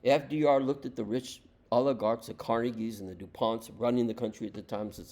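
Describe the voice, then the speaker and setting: A man's voice: medium pitch, fairly even intonation, fairly quick, few pauses, a little mellow. A man from the United States giving an impassioned political monologue, emphatic and repetitive, firing off rhetorical questions. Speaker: political commentator.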